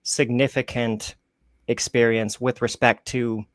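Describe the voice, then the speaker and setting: A man hosts a podcast, posing long, winding questions that restart and loop back on themselves. His voice sits in a middle pitch, recorded dry and close with no room sound. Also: flat delivery, a little slow, no room sound. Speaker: podcast host. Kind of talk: podcast interview.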